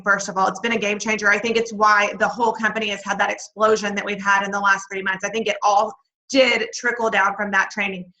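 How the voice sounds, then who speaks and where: A woman talks through a video call, her voice high and bright. She coaches her sales team with folksy, energetic encouragement and laughs often. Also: rough recording. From Texas. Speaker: network marketing leader. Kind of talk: motivational team training call.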